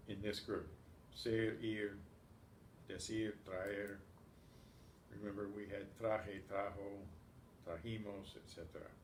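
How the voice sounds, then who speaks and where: A lowish male voice, with a little hiss or hum, leads an advanced Spanish lesson in a community classroom. Patient in his explanations, he drills verb forms one after another. There's a roomy echo and faint ambient sound.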